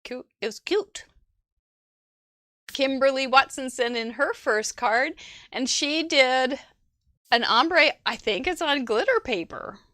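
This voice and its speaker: Bright, chatty Midwestern-sounding woman host. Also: high-pitched, animated, takes it slowly, pauses often. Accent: Midwestern American. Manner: chatty, giggly, thinks aloud. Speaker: host of a live crafting show. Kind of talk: casual live-stream chat.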